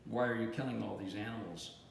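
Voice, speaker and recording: A man's voice: lowish voice, fairly quick, creaky, distant mic. A man reading aloud from his memoir, voicing an older farm woman who asks blunt, concerned questions. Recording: echoey room, faint hiss.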